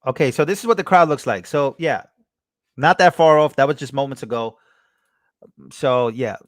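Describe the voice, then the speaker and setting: A man's voice: mid-range voice, normal speed, no echo, clean studio sound. A man hosting a live stream, giving casual commentary and repeating himself as he reacts to clips. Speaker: livestream host.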